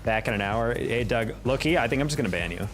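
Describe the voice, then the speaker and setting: A man's voice: mid-range voice, lively intonation, quick pace, fairly bright tone. A young man streaming a game, chatting casually with his viewers and telling stories with a laugh. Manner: chatty, storytelling, laughs often. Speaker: streamer answering chat. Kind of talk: casual livestream chat while gaming. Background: faint music.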